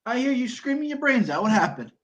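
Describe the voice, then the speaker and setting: High voiced guy joking around from across the kitchen, far off mic, bouncy. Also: very animated, fast talker, a bit bright. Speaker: friend in the room. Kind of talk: casual chat.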